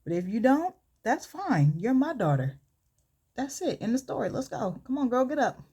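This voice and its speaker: A woman's voice: fairly high pitch, sing-song, moderate pace, mellow, breathy edge, pitched above the performer's own voice. A woman voicing a young man in a story, with a plainspoken, matter-of-fact delivery close to her own voice. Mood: firm. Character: steady young man, firm and protective.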